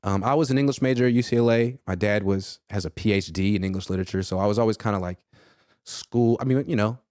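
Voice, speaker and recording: A man's voice: on the low side, quick pace, no echo, studio quality. A man in his thirties hosting a casual sports talk show, joking and acting out what others say. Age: 30s. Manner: animated, jokey, acts out quotes. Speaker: podcast host.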